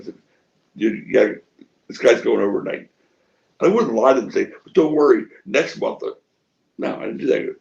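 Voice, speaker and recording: A middle-aged man spins stories with lively swings of pitch and a gravelly edge, acting out each quote and swearing freely. The sound is dull and lo-fi. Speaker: wrestling promoter interviewee. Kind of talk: shoot interview storytelling.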